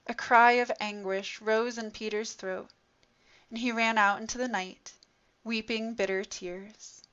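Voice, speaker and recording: A woman narrating a story in an expressive, dramatic reading style. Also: on the high side, measured pace, clear, resonant tone. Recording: dull lo-fi recording.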